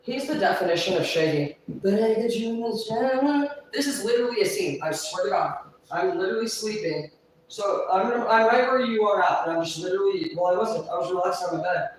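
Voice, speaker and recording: Slightly tipsy and agitated, a woman vents rapidly in a long, profane livestream rant, telling her story. Her voice is on the low side and off-mic in an echoey room, with a bit of hiss or hum in the background.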